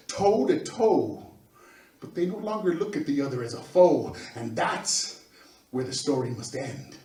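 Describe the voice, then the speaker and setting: A man's voice: a little high, a little mellow. A man performing a spoken-word story poem with a rhythmic storytelling cadence, his line endings dropping away. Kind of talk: dramatic poetry recitation. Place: event hall on stage. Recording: echoey hall, picked up from a distance.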